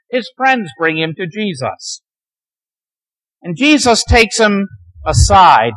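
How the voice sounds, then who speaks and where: A man lecturing a class on the Bible, telling its stories dramatically and sometimes dropping to a near hush. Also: fairly high pitch, rough recording. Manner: dramatic storytelling, dropping to near hushed tones.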